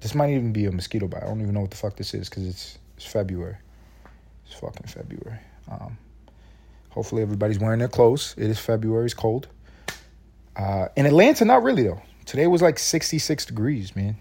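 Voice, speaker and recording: Male podcast host, lowish voice, casual profane rants from bed. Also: fast, gravelly, husky. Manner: profane, rambling, animated. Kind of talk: solo casual podcast rant. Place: in his bed at home.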